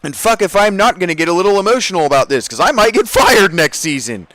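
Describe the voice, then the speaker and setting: A man narrating his own football video game in a loose, profane rant, dropping to low mutters and then bursting out loud. His voice sits a little high for a man. The sound is dry and close, with no room around it. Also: quick pace, dry recording. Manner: profane, excitable, ranting. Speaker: gaming streamer. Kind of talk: casual gameplay commentary.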